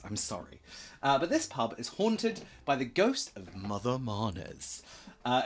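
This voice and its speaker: For a charity stream, a man with a medium-pitched voice gives a casual, rambling slideshow presentation packed with jokey asides and self-corrections.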